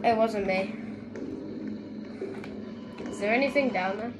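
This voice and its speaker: A young woman giving excitable gaming commentary, often yelling at other players. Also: mid-range voice, slow pace, noisy background. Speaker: gaming video creator. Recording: gameplay with music behind.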